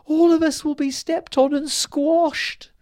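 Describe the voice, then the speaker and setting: A man voicing an anxious fairy queen who speaks in a high, pleading voice. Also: lively intonation, takes it slowly, a little mellow, no room sound, studio quality, heavily acted. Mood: distressed. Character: fretful fairy queen, tiny and delicate.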